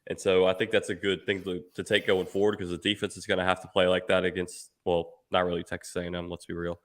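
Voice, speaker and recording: A man's voice: low voice, monotone, fast talker, a bit bright. A congested man co-hosting a sports podcast, talking in an easygoing, casual way. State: congested, stuffy nose. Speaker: podcast co-host.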